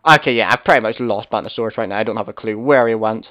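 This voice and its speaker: A young man commentating his own game play, chatty and excitable, gasping and yelling when danger comes. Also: fairly low pitch, fast talker, no echo, highs cut off. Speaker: gamer commentator. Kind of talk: gameplay commentary.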